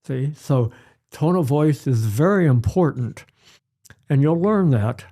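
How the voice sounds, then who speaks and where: An older man, a pediatrician guest, telling stories in an unhurried way and repeating his key phrases during an interview. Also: a little high, animated, dark tone. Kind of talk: conversational interview.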